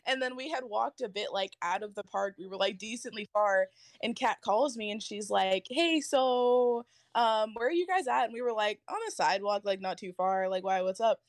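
A young woman, a podcast co-host, telling a story in casual chat, jumping up high when quoting friends. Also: fairly quick, dry recording, studio quality. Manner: animated, quoting others in high squeals.

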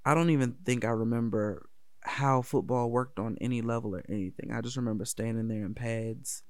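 Gravelly laid-back man from D.C. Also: mid-range voice, fairly even intonation, fairly quick, a little mellow, no echo, studio quality. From Washington, D.C. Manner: laid-back, profane, laughs often. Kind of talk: casual personal storytelling.

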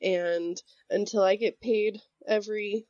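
A woman co-hosting a casual podcast chat, talking emphatically and chiming in with quick asides. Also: mid-range voice, steady tone, darkish tone, no room sound. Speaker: podcast co-host. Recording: dull, lo-fi audio.

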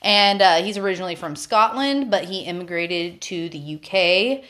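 A woman's voice: lowish voice, moderate pace, bright, forceful tone. A woman hosting a podcast, a little tipsy from wine, chatting casually in a loose, giggly, swearing way. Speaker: podcast host. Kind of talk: casual chat.

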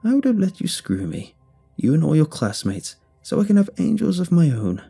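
Deranged old woman in a storybook horror tale, high, crackly and stuttering, voiced by a male narrator. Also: sing-song, normal speed, creaky, mellow, slightly rough, faint music behind, heavily acted. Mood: leering, unhinged.

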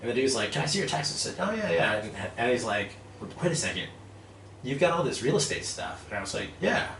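A man in his thirties telling a lively story about his army days, acting out quotes and laughing often. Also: medium pitch, fairly quick. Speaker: guest, army veteran turned real estate investor. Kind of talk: casual storytelling interview. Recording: roomy, distant mic with faint noise.

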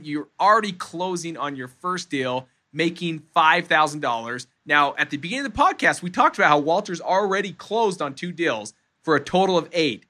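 A man's voice: a little high, sharp tone. A man hosting a podcast, enthusiastic and encouraging as he talks to his guest. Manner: hyped, encouraging, laughs often. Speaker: podcast host.

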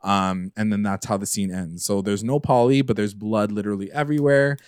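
A man's voice: on the low side, steady tone, brisk, smooth, no echo, studio quality. A young man co-hosting a casual TV recap podcast, retelling scenes sarcastically and swearing casually. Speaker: podcast co-host.

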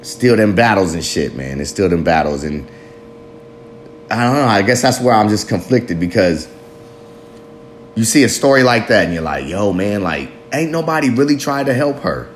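A man's voice: lowish voice, sing-song, moderate pace, a little hiss or hum. A man in his late thirties talking candidly to the camera in a rambling, self-mocking, heavily profane confessional monologue. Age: 30s.

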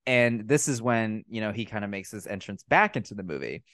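A man hosting a casual movie review podcast, recapping scenes in a profane, mocking, animated way. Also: on the low side, brisk, no echo, studio quality. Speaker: podcast host.

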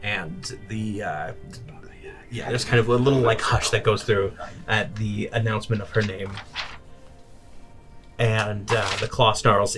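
A man narrating as game master of a tabletop game, relaxed and full of asides. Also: on the low side, unhurried, long pauses, music in the background.

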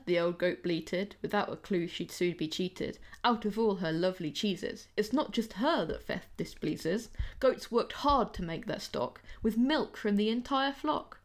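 A woman's voice: medium pitch, a little slow. Young woman reading a playful rhyming poem. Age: young adult. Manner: playful, sing-song storytelling. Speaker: podcast host.

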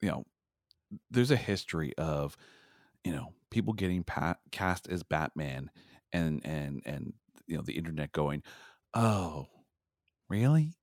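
A man co-hosting a podcast in animated casual chat, often restarting his sentences. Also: extremely low pitch, a little slow, no echo, clean studio sound. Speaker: podcast co-host.

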